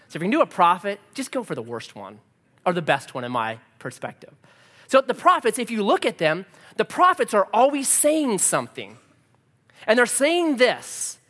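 A man preaching a sermon, telling a personal story in an animated, conversational way with self-deprecating humor. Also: high-pitched. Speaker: pastor. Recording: long reverb of a large hall.

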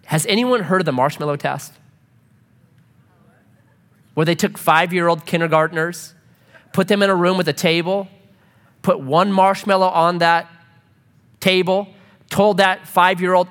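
A middle-aged man preaching a joking, animated sermon to a congregation. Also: high-pitched, normal speed, pauses often. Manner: animated, joking, acts out quoted voices. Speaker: pastor. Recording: reverberant hall.

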